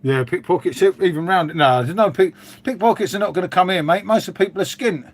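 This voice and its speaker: A man's voice: high voice, fast. Rambling man chatting to his viewers. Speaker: livestream host reading chat. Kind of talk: casual chat with live viewers. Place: at home making a hot drink.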